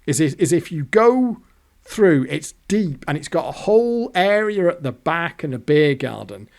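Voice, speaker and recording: Chatty English man with lively pitch. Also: measured pace, vocal fry. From England. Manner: rambling, chatty, self-correcting, swears casually. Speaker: gambling video host. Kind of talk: casual storytelling over pictures.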